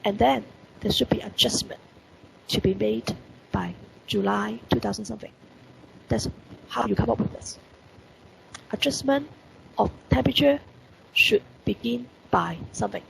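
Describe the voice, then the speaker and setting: A woman's voice: medium pitch, moderate pace, creaky, long pauses, background noise. A woman with a Hong Kong accent teaching an online English lesson, stressing key words and asking rhetorical questions. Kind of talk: online lesson explaining report writing. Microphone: computer mic on video call.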